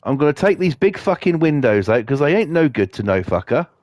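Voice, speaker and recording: A man's voice: on the high side, big pitch swings, fairly quick, a little mellow, dry recording, clean studio sound. A man with a Norfolk accent, chatting casually and swearing freely as he streams a game and tells rambling stories. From Norfolk, England. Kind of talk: casual chat while playing.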